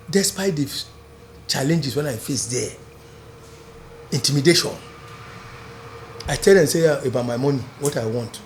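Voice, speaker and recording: An older man with a Nigerian accent recounts his story, slipping between pidgin and English. His voice drops to a quiet mutter in one breath and turns loud and insistent in the next. There is a faint ambient hum behind him. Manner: mixes pidgin, swings from low murmur to loud and emphatic. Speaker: interview guest. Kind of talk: storytelling in an interview.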